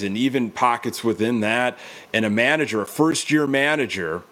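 A man's voice: lowish voice, a bit bright. Emphatic man giving a sports opinion. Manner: emphatic, opinionated, builds to strong points. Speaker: podcast guest, team analyst. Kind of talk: casual sports chat.

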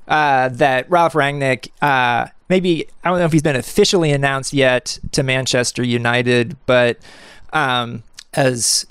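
A man's voice: mid-range voice, steady tone, unhurried, fairly bright tone, clean tone, dry recording, clean studio sound. A man hosting an interview podcast, enthusiastic and rambling, with frequent restarts. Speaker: podcast host.

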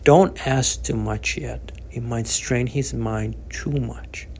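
A man doing a gentle, devout old man. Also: mid-range voice, slight background noise. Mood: gentle, reassuring. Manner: gentle, slow, reassuring.

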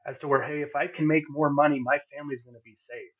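Over narrow, phone-quality audio, a podcast guest delivers a heartfelt, earnest testimony about his life, peppered with fillers and restarts. His husky voice is a little high and steady in tone, and he talks fast.

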